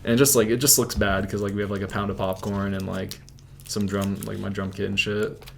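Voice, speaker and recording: Low-voiced young man telling a rambling story. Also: level tone, fairly quick, gravelly, slight background noise. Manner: rambling, many filler "like"s. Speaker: interview guest. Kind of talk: casual storytelling.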